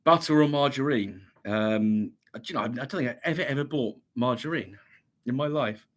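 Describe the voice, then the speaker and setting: An Englishman hosts a casual livestream in a medium-pitched voice at a moderate pace, reading chat messages aloud and responding with many ums and restarts. He's recovering from illness, and a slight cough lingers.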